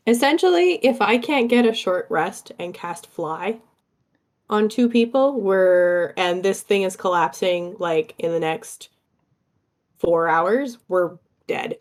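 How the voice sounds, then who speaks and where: Slow-talking woman player. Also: mid-range voice. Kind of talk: casual tabletop game chat.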